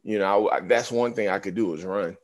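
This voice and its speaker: A man in his fifties who played pro basketball tells lively stories in a casual interview, mimicking the voices of those he quotes. He speaks a little fast in a voice on the low side.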